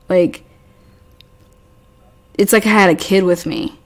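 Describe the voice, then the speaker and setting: A woman's voice: on the low side, fairly even intonation, slow. Exasperated, foul-mouthed woman telling a story. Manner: profane, exasperated, rambling with many restarts. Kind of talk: casual storytelling chat.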